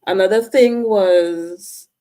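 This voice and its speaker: A woman's voice: mid-range voice, mellow. A woman vlogger talking to camera, earnest and coaching, often checking in with "right?". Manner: slow, earnest, coaching viewers directly; asks "all right?" and "right?" to check in. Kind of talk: personal talk to camera.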